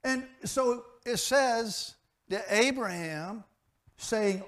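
High-voiced, emphatic male preacher. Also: takes it slowly. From grew up in a pastor's family. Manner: dynamic, swings between loud emphatic peaks and quiet asides. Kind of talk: sermon.

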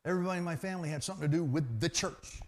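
A man preaching a sermon, swinging between loud emphatic peaks and quiet asides. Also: fairly high pitch, racing. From grew up in a pastor's family.

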